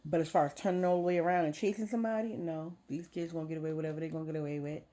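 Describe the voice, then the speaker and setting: A woman's voice: sits low, fairly even intonation, very fast, dark tone. A young adult woman vlogger frankly telling a personal story, emotional and swearing casually.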